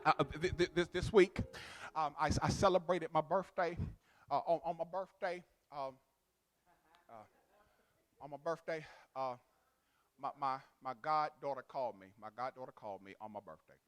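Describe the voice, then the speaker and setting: A male pastor a sermon. He swings from loud, sung, rhythmic to quiet, chatty storytelling. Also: a little high, normal speed, long pauses. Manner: builds to loud, sung preaching cadence, then drops to quiet storytelling.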